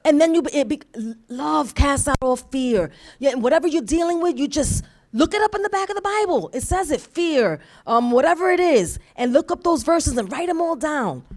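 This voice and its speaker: An energetic woman pastor preaching with a playful, storytelling manner, acting out little scenes as she goes. In prayer she falls into a steady, repetitive cadence, calling on God after each phrase. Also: high voice, normal speed, few pauses. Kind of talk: sermon and closing prayer.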